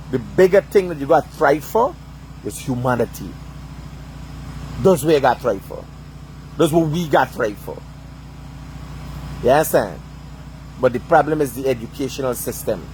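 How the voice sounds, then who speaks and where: A man's voice: mid-range voice, animated, normal speed, long pauses, a little mellow, slight background noise. A man delivering a heated, profane rant, swearing constantly and asking "you understand?" over and over. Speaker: vlogger.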